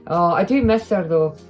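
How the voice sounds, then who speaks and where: Warm, low-voiced Scottish woman vlogging. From Scotland. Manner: chatty and rambling, with many restarts. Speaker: home cooking vlogger. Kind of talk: casual chat while baking. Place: home kitchen, indoors. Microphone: iPhone.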